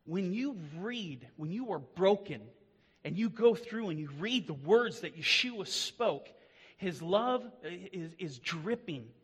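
A man preaching a sermon with earnest emphasis, rising to loud declarations and dropping to low, quiet lines. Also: expressive, takes it slowly, husky, big-room sound.

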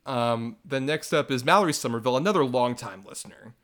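A man's voice: mid-range voice, brisk, fairly bright tone. A man co-hosting a podcast, reading listener messages aloud and chatting in an earnest, grateful way with easy laughter. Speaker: podcast co-host.

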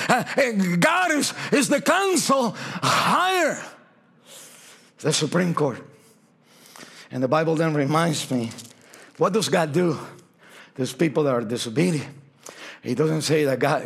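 Man, pastor, sermon, high voice, impassioned then hushed, church. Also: gravelly, slightly rough. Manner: impassioned preaching, swinging from shouts down to hushed, near-whispered lines; slips into Spanish phrases. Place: church sanctuary.

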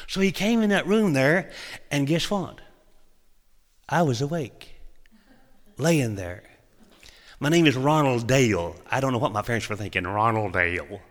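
A man's voice: medium pitch, animated, unhurried, pauses often, big-room sound. A man from Oklahoma, preaching and telling a testimony in a folksy, humorous, dramatic way. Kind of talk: sermon testimony storytelling.

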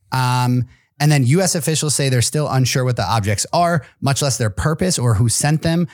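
A man co-hosting a podcast in casual chat, relaxed and laughing, reading news notes aloud. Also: medium pitch. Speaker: podcast co-host.

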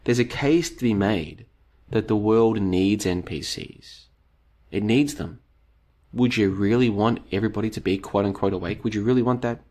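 A man with a fairly low voice hosts a long live stream, reading chat and wandering off into tangents. He talks casually to his viewers and stacks up rhetorical questions. After hours on air his voice is starting to wear. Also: normal speed, darkish tone. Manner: rambling, talks straight to the audience as "folks", repeats rhetorical questions.

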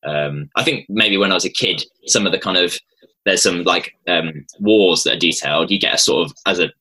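A man's voice: low voice, a little fast, bright, forceful tone, breathy edge, poor audio. A man explaining Bible passages in casual conversation, thoughtful and hesitant, with many ums and restarts. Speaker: Christian guest explaining the Bible.

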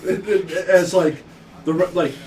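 Rambling young game master, distant mic. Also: male voice, high-pitched, fairly even intonation, darkish tone. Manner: halting, filler-heavy narration. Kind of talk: narrating a tabletop game.

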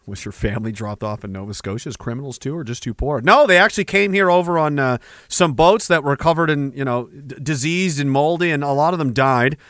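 Male podcast host, profane joker, tense bright tone, dead-dry sound. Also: a little high, brisk, dry recording. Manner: profane, joking, slips into put-on accents. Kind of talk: casual livestream talk reading chat.

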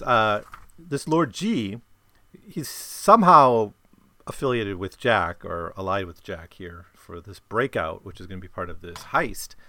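Low-ish guy talking thru a book plot, lots of ums and restarts, dry close sound. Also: fairly bright tone, no echo. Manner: rambling, many fillers and restarts. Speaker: book discussion host. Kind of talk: casual book summary talk.

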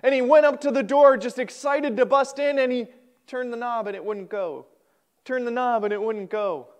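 A man preaches from the pulpit with a high, smooth voice. He spins a homespun story with animated swings in his delivery. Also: normal speed. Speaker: pastor. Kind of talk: sermon with storytelling. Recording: podcast recording.

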